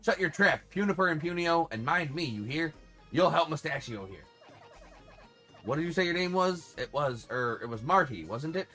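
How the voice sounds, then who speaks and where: A man's voice: fairly high pitch, expressive, normal speed, sharp tone, soft background music. A man voicing a crotchety old creature elder. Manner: scolding, crotchety reading of game dialogue. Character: grumpy bossy old female tree-dwelling creature elder.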